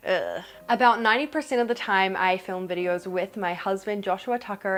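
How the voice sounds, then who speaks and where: A young woman who grew up in New Zealand, chatting excitedly through a casual unboxing vlog and gushing with gasps. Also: medium pitch. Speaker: vlogger.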